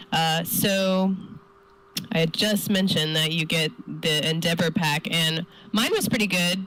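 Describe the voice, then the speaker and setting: A woman co-hosting a podcast in casual chat, talkative and quick to laugh. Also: on the low side, a bit bright, low-quality recording. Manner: chatty, laughs often. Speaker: co-host.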